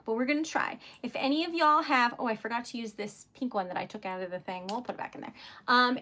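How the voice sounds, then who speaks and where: Young woman, high bright voice, casual livestream host, chatty and self-encouraging. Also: a little hiss or hum. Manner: chatty and self-encouraging, drops to a whisper when concentrating. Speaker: livestream host making wax seal stickers.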